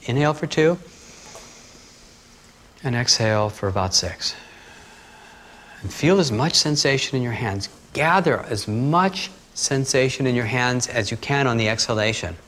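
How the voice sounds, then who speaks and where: A man teaching breathing techniques, talking calmly and steadily through guided instructions. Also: medium pitch, unhurried, pauses often, a little hiss or hum. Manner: calm, steady instructional talk with asides.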